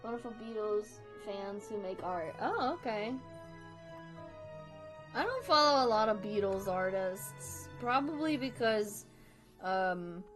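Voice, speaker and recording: A woman streaming herself drawing, chatting casually with viewers, giggly and rambling, often laughing at herself. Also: mid-range voice. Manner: giggly, rambling, self-deprecating. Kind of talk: casual livestream chat.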